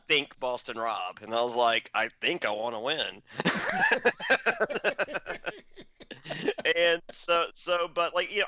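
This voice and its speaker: A man's voice: fairly high pitch, bright, forceful tone, no echo. A man hosting a podcast, rambling and joking with lots of restarts in casual chat. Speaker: podcast host. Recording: dull dry podcast audio.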